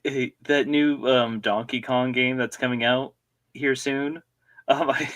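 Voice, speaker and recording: A man's voice: mid-range voice, fairly even intonation, measured pace, fairly bright tone, dry recording. Rambling, laughing man player. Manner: rambling storyteller, laughs at his own jokes. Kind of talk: casual banter before a game session.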